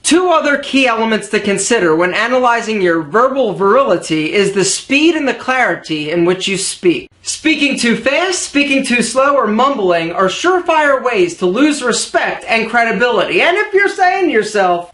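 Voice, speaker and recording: A man's voice: very high voice, normal speed, few pauses. Playful man giving mocking advice, echoey room. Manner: playful, mocking, lively delivery. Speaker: presenter of a self-improvement video. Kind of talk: comedic advice talk to camera.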